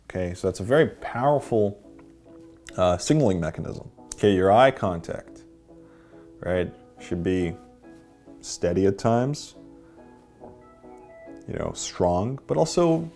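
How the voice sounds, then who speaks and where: A man's voice: deep voice, mellow. A man teaching a dating workshop, lecturing and checking in with "okay?" and "right?" after his points. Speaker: dating coach.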